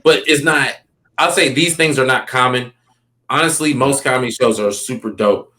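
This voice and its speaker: A man's voice: mid-range voice, moderate pace, bright, forceful tone. A man, a comedian, telling stories in a casual, rambling interview and checking in with "you know what I mean" often. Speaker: comedian guest. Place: Los Angeles.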